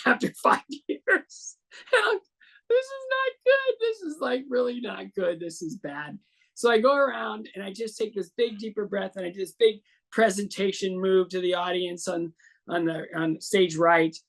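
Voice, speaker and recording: A man's voice: high-pitched, vocal fry, fairly bright tone. A man in his sixties, a guest in an interview, telling a long story and acting out the other voices in it. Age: 60s.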